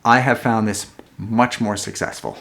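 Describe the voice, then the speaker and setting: A man with a fairly low voice talks straight to the camera about parenting. He sounds earnest and calm as he explains things step by step. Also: measured pace, gravelly. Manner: earnest, calm and explanatory, with a playful mock-angry skit. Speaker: parenting vlog host. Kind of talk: casual talk to camera.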